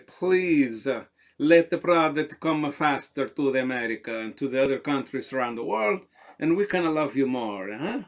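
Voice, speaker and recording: A man with a fairly high voice hosts a casual perfume review vlog. He talks in an animated, rambling way, circling back and repeating words as he goes. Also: normal speed.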